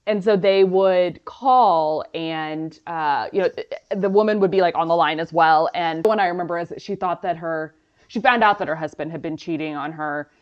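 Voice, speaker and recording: A woman's voice: fairly low pitch, moderate pace, dull audio. A woman from Dallas, co-hosting a podcast in casual chat, telling stories with lots of fillers. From Dallas, Texas. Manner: chatty, filler-heavy storytelling. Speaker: podcast co-host.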